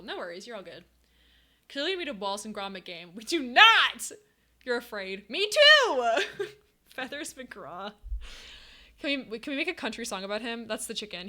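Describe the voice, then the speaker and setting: A young woman streaming live, chatting casually with her viewers, animated and laughing often. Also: medium pitch, quick pace.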